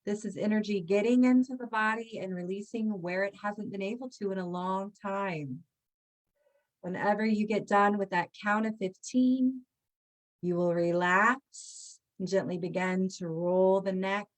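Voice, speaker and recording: A woman's voice: medium pitch, unhurried. Woman guiding a breathing exercise. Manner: soothing, encouraging, with audible sighs and breaths. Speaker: breathwork instructor. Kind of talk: guided breathing instruction.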